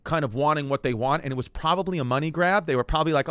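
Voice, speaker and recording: A man's voice: a little high, racing, few pauses, fairly bright tone, clean tone, no echo. A man hosting a comedic history show, telling it in a rambling, joking way and talking straight to the listener. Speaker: comedic history podcast host. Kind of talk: casual comedic storytelling.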